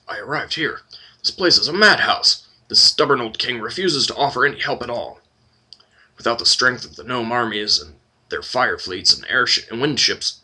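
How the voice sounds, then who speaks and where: A man's voice: medium pitch, pushed and bright, husky, exaggerated voice. A man voicing an exhausted, sleepless male ship captain in a fantasy computer game, speaking earnestly and pleading for help. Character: exhausted, desperate male ship captain searching for his sister.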